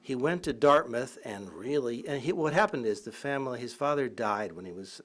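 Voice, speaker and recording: A man's voice: mid-range voice, normal speed. A man, a college professor, giving a humorous public lecture full of anecdotes, often breaking into laughter and irreverent asides. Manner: lively, irreverent.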